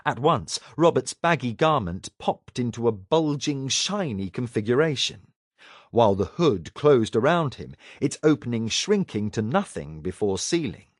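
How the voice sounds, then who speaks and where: A male audiobook narrator reads science fiction with a dramatic, expressive delivery. His voice rises and falls in a lively way. The recording is dry and close, with no room sound. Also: medium pitch, a little slow, dry recording. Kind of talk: scripted narration.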